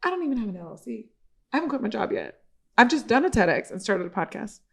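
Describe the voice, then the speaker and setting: A woman guest on a podcast, telling a story in a lively, casual way and acting out the voices of the people in it. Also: on the high side, fast talker, vocal fry, breathy edge. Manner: animated storyteller acting out quoted dialogue; swears casually, laughs while telling.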